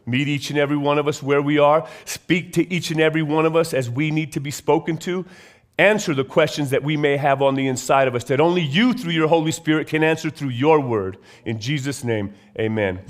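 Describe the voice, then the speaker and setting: A man preaching a sermon in a church, reading scripture and praying, rising to emphatic bursts and dropping low and slow. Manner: rises to emphatic high bursts, then drops low and slow. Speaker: pastor. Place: church sanctuary.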